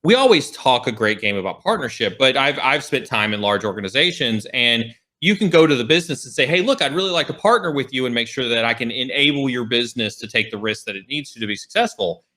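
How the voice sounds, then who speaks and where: Male host, bright timbre, animated storyteller who acts out quotes. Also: medium pitch, quick pace, few pauses. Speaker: show host. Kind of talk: casual interview talk.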